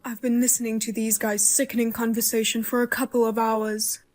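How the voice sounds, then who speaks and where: A woman's voice: fairly high pitch, little pitch movement, fairly quick, darkish tone, lightly acted. A woman voicing the blunt, grumbling mother of a grown son, in a dubbed drama.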